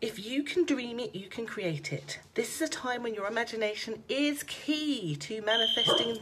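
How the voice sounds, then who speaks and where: A woman's voice: fairly high pitch, animated, normal speed, hardly any pauses, very noisy. A woman, a psychic card reader, chatting on a casual live stream from home, laughing often and talking straight to her viewers.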